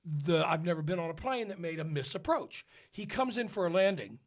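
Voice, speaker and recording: A man's voice: a little high, brisk. An American man, an opera tenor, telling a casual story on a podcast and acting out the people he quotes. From United States. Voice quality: animated storyteller who acts out quoted voices. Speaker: podcast co-host.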